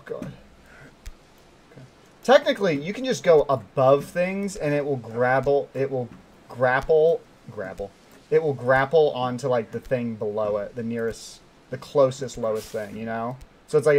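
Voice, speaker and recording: A young man giving live commentary while playing a hard climbing game, excitable and swinging between quiet mutters and sudden yelps. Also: medium pitch. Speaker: gaming streamer.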